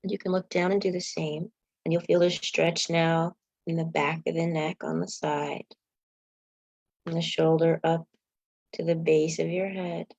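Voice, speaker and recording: A woman leading a guided meditation, coaching listeners gently through affirmations, yawns and stretches. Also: sits low, level tone, measured pace, no echo, lo-fi sound. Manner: leads yawning and stretching exercises.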